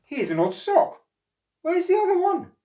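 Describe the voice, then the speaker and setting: A man voicing a small, quick, helpful otter in a children's story, calling out urgently. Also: very high voice, wildly swooping pitch, mellow, pitched above the performer's own voice, full character voice.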